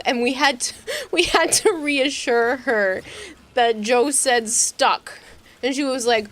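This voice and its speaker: A woman streaming a game, chatting casually and telling animated stories with lots of laughter. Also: high-pitched, takes it slowly, long pauses, slight background noise. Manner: giggly, animated storyteller. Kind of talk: casual chat while gaming.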